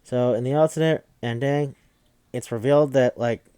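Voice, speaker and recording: A man's voice: mid-range voice, steady tone, normal speed, warm tone, clean tone, dry recording. A man hosting a podcast, retelling a movie plot in a rambling, profane casual way. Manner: rambling, profane, jumps into quoted voices. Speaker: podcast host.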